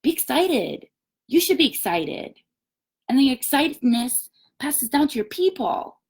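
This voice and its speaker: A woman's voice: sits high, sing-song, measured pace, slightly rough. Upbeat woman coaching a live stream. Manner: upbeat and emphatic, acts out quoted chats. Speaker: direct sales team leader. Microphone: webcam or phone, live stream.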